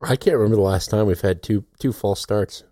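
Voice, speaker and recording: A man's voice: on the low side, a little fast, dark tone, no echo, clean studio sound. A man hosting a podcast in casual chat, often laughing between his remarks. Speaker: podcast host.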